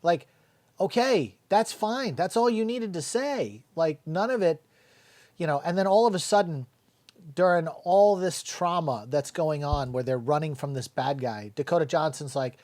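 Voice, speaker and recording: A man's voice: a little high, moderate pace, darkish tone. A middle-aged man giving a blunt, casual spoken movie review, swearing freely and mocking the dialogue. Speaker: film reviewer.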